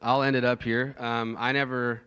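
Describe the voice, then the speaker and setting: A youth leader wraps up with brief church remarks, teary and full of ums. His voice is bright and crisp. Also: medium pitch, flat delivery, normal speed. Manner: moved, tearing up, filler ums.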